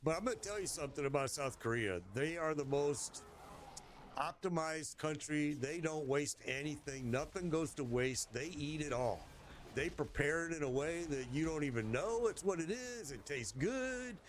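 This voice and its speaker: A man telling a rambling, animated story in casual chat while gaming, swearing casually along the way. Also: on the high side, normal speed, a little hiss or hum.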